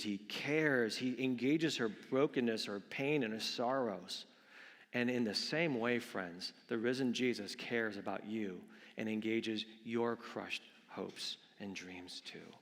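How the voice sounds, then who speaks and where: A man's voice: on the low side, fairly bright tone. A man preaching a sermon as pastor, earnest, often repeating words and calling his listeners friends. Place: church sanctuary. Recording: long reverb of a large hall.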